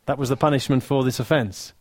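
A man with an English accent preaching a sermon, earnest and warm, dropping to soft, hushed lines for emphasis, with touches of dry humor. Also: medium pitch, fairly even intonation, fast, no room sound. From England. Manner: earnest, softening to near-whisper on key lines, dry humor.

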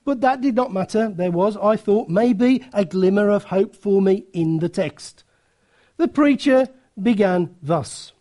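A woman's voice: mid-range voice, animated, measured pace, warm tone. Woman preacher reading a story aloud. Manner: storytelling, breaking off for asides to listeners.

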